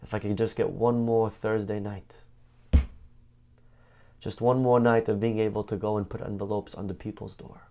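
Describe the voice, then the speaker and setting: A man voicing a humble, saintly old man who speaks gently and reassuringly from heaven, in a storytold Torah class. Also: on the low side, little pitch movement, normal speed, long pauses, voice pushed down, close to an everyday voice. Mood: wistful.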